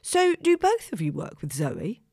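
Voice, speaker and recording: A woman's voice: low voice, huge pitch swings, a little slow, gravelly, dark tone, slightly rough, dry recording, studio quality, exaggerated voice. A woman reading aloud and voicing a prim, judgmental young mother. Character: snobbish, fussy young mother.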